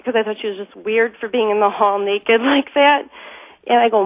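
A woman's voice: mid-range voice, fairly even intonation, moderate pace, no echo. A woman caller on a phone-in show, telling a personal story in a rambling way, full of fillers and nervous laughs. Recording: tinny phone line.

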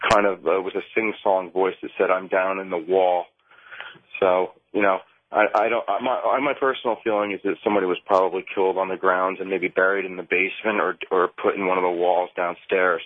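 Low-voiced man on a tinny phone line. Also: no room sound. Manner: halting, repeats words when starting sentences. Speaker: paranormal investigator guest. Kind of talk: phone-in interview storytelling.

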